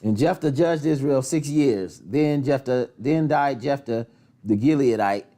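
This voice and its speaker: A man reading Bible verses aloud at a steady pace, now and then stumbling over hard names. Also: medium pitch, unhurried. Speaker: scripture reader.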